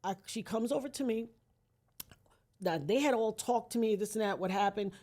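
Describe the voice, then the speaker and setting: A woman's voice: fairly high pitch, normal speed. A woman, a podcast guest, telling a dramatic personal story and acting out the voices of others. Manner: dramatic, acts out quoted voices, swings from hushed to near-shouting. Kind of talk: emotional storytelling.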